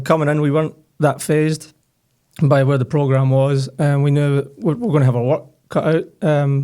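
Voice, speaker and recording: A Scottish man in his late thirties, a soccer coach answering interview questions in a relaxed, plain-spoken way. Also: on the high side. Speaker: head soccer coach, guest.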